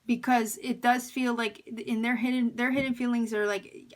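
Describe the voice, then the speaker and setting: A woman's voice: a little high, level tone, moderate pace, hardly any pauses. A woman with a slight lisp giving a pick-a-card tarot reading, musing and hesitant, with many fillers and restarts. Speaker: tarot reader.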